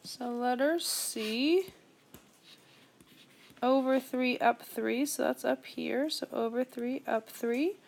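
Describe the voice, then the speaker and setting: A woman's voice: high voice, slow pace, vocal fry, a little hiss or hum. A young woman teaching a math lesson, talking through each step as she works problems aloud. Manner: steady step-by-step explaining, thinking aloud. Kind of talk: screen-recorded math lesson.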